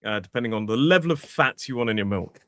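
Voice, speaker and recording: Lively British man on a dry podcast mic. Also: mid-range voice, fast, dry recording. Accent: British English. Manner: animated, exclaims and laughs. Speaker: podcast co-host and English teacher. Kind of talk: casual chat.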